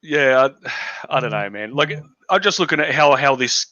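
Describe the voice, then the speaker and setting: A man's voice: mid-range voice, lively intonation, moderate pace, bright, forceful tone, dry recording. An Australian man hosting a casual political chat, blunt and profane, ranting in a dull lo-fi recording. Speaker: podcast host.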